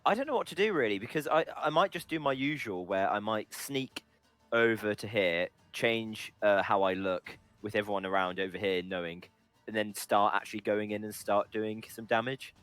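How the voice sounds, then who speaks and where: Guy, lowish voice, dry mic, talking thru his plan and asking the others. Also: normal speed, a bit bright, no room sound, soft background music. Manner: thinking aloud, unsure, asks the group. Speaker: player. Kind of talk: casual tabletop game chat.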